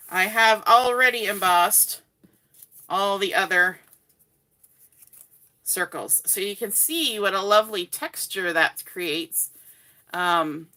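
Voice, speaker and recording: Bright-voiced woman teaching a craft. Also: fairly low pitch. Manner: chatty, cheerful, talks while working. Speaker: craft instructor. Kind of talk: live online craft demonstration.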